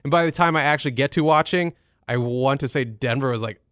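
A man in casual sports banter, profane and animated, with a mock-dramatic streak. His voice sits in the middle range. The recording is dry and close. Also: medium pitch, fast talker, no room sound. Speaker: podcast co-host.

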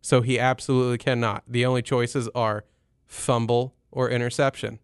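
Man, casual sports talk, profane, animated, mid-pitched, dry close sound. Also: normal speed, smooth, dry recording. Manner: profane, animated, mock-dramatic. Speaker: podcast co-host.

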